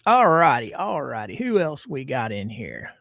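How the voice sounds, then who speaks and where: A middle-aged man from Florida, hosting a casual livestream and greeting his viewers in a folksy, drawn-out way. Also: medium pitch, gravelly, no echo, clean studio sound. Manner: folksy, drawn-out greetings, lively ups and downs. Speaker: livestream host.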